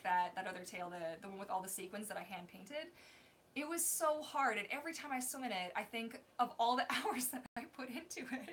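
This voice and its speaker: A young woman hosting a casual live Q&A from her apartment, animated and laughing often, with lots of fillers. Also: a little high, slight background noise. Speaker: live stream host, mermaid performer. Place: home apartment. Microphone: phone.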